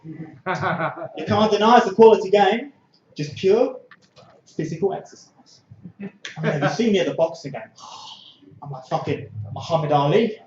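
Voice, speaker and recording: A man with a high, lively voice performs a stand-up comedy set, chatting casually and then bursting into shouts when he acts out a scene. His voice sounds roomy and a little muffled, as if caught in a small club. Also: moderate pace, long pauses, a little hiss or hum.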